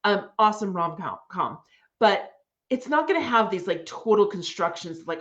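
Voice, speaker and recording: A woman's voice: mid-range voice, animated, measured pace. A woman giving a casual online writing lesson to parents, chatty and enthusiastic with frequent fillers. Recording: dull lo-fi sound.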